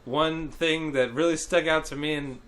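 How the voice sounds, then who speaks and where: A man's voice: a little high, fairly even intonation, normal speed, fairly bright tone, a little hiss or hum. A man telling stories in casual chat, swearing freely and mimicking people he quotes. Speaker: podcast co-host.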